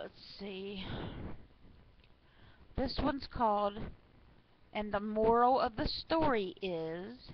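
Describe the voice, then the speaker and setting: A woman casually reading funny church stories aloud to her listeners, chatty, with fillers and asides. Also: medium pitch. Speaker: online reader of church stories. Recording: slightly muffled with faint noise.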